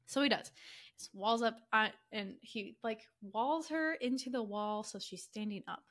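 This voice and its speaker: A woman podcast co-host casually retelling a story, animated and full of fillers, acting out characters' lines in quick quoted voices. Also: fairly high pitch. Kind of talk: casual chatty story summary.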